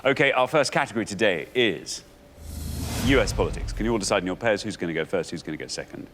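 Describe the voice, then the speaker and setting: A man's voice: fairly low pitch, lively intonation, fast talker, background noise. A man hosting a quiz show, announcing with playful, theatrical energy. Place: TV studio with audience.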